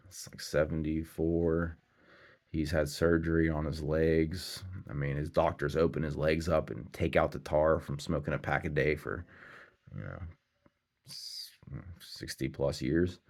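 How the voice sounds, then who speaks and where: A man's voice: a bass voice, fairly even intonation, unhurried, vocal fry, darkish tone. A middle-aged man telling a rambling, earnest personal story in a casual vlog, full of restarts and asides.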